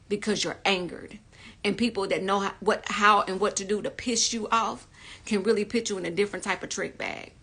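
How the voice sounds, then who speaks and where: A woman's voice: medium pitch, a bit bright, slightly rough. A woman hosting a casual live stream. She greets viewers with "y'all" and talks earnestly and bluntly about anger and spiritual healing, swearing now and then. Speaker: livestream host, spiritual teacher. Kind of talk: casual livestream chat and spiritual talk. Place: home livestream. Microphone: phone.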